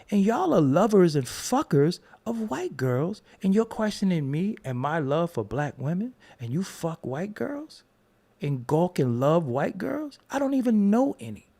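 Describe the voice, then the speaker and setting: A middle-aged man from Brooklyn, delivering a heated, profane livestream rant. His pitch swings widely as he mocks and taunts, laughing between jabs. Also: big pitch swings, moderate pace, gravelly, mellow. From Brooklyn, New York. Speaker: livestreamer answering chat.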